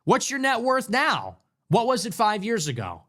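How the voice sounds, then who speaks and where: A man's voice: extremely high pitch, huge pitch swings, normal speed, pushed and bright. A man hosting a political commentary show, ranting sarcastically and mockingly and throwing around crude insults.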